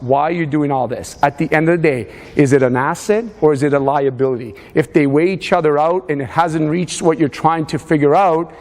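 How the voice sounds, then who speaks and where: A man's voice: on the high side, a little mellow. A man leading a motivational fitness seminar, urging a live audience on with lots of energy. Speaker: fitness coach. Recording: reverberant hall.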